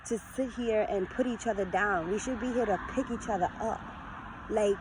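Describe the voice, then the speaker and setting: A woman's voice: medium pitch, slight background noise, rough recording. Earnest motivational woman in her forties. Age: 40s. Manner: earnest, lively, encouraging. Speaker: vlogger. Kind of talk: motivational talk to camera.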